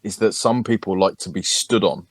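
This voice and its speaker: A man's voice: sits low, steady tone, moderate pace, no echo. A man, co-hosting a podcast in a casual, crude, joking chat. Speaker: podcast co-host.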